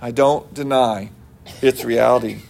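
A man's voice: mid-range voice, steady tone, a little slow, creaky, a little mellow. A middle-aged male pastor giving a sermon in an earnest, conversational way, mixing scripture with everyday personal stories.

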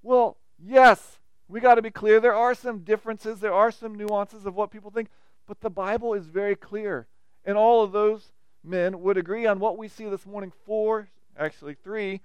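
Animated pastor, high smooth voice. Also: male voice, normal speed, no echo. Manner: animated, acts out quoted reactions. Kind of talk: sermon.

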